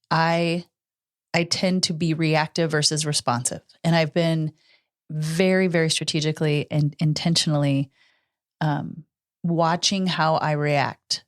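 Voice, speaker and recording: A middle-aged woman co-hosts a podcast in relaxed, casual conversation. Her voice sits a little low, and she tells her stories earnestly, often acting out the lines of what was said. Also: slow. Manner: earnest storytelling, acts out quoted dialogue. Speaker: podcast co-host. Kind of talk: casual chat.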